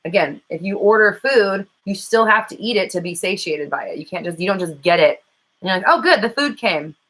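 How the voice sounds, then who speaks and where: A bright-voiced woman talks fast in a loose livestream chat, running as a coach and host. Her talk is chatty and full of "um"s, with the odd swear word thrown in. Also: on the low side, low-quality recording. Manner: fast-talking, self-described; chatty, frequent fillers and swearing. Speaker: law of attraction coach and host. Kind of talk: casual livestream chat with viewers.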